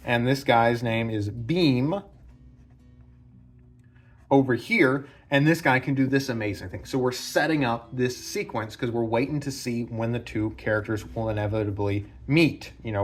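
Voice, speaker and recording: Guy rambling thru a film breakdown at home, lots of ums and restarts, mid pitch. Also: normal speed, husky. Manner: loose and rambling, many fillers and restarts. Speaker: film analysis host. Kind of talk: casual spoken film breakdown. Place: home room with branches hitting the roof.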